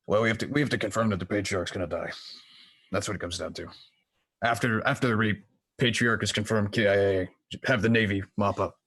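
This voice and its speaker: A man's voice: fairly low pitch, fairly even intonation, a little fast, a bit bright, no room sound. A man playing a tabletop role-playing game, speaking casually and bluntly. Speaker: player.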